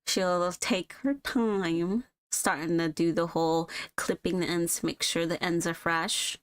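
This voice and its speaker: A woman's voice: fairly low pitch, fairly even intonation, unhurried, no echo, clean studio sound. A woman chatting and narrating scenes in a casual improv roleplay, talking with many filler words.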